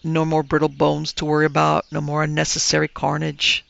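A man's voice: fairly high pitch, monotone, creaky, fairly bright tone, highs cut off. A man voicing a mild old vegetarian dragon. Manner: genial, unhurried and teasing.

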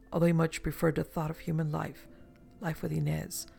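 A narrator reading a romantic adventure novel aloud in measured, even storytelling. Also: mid-range voice, creaky, soft background music. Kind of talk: audiobook narration.

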